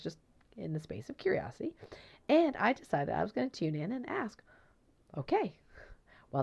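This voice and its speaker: Woman solo podcast host, lowish gravelly voice, super expressive pitch, chatty, a bit dull lo-fi sound. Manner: animated storytelling, acts out quoted voices; conversational, tag questions and fillers. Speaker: podcast host and energy healer.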